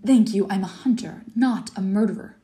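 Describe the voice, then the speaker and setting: A woman's voice: mid-range voice, moderate pace, mellow, close to an everyday voice. Fields: Woman reading as an indignant young hunter. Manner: earnest, stiff, protesting. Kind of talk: reading a story aloud.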